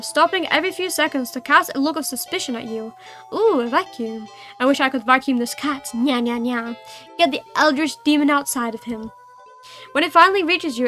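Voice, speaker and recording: A woman's voice: high-pitched, pushed and bright. A young woman streaming a game, reading its text aloud and chatting, playful and giggly with cat-like meows.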